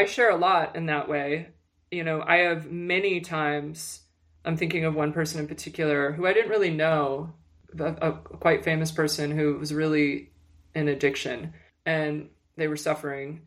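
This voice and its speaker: A woman guest in an interview, telling personal stories in an animated way with lots of fillers and restarts. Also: deep voice, moderate pace. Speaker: guest, music publicist. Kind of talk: candid personal storytelling.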